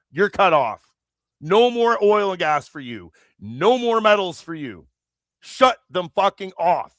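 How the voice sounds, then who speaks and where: In clean studio audio without echo, a high-pitched, fairly bright-toned man from Canada delivers a heated political rant on his livestream. He's angry and profane, rambling through restarts.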